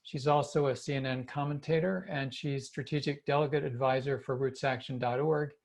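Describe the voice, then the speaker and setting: A man's voice: mid-range voice, fairly even intonation, brisk, creaky, a little mellow. A man hosting a video call, introducing speakers in a plain, hesitant way with frequent fillers. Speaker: call host.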